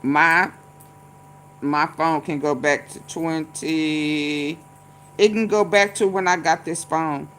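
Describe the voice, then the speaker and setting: A woman hosting, talking casually with many fillers and pauses. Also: low voice, steady tone, a little hiss or hum. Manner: halting, many fillers, laughs. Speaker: host reacting to a clip. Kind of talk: casual commentary.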